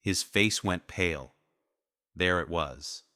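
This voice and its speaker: Casting: deep, slow, cold male storyteller, bright dry read. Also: dry recording. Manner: cold menacing. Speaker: narrator. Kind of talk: scripted first-person story narration.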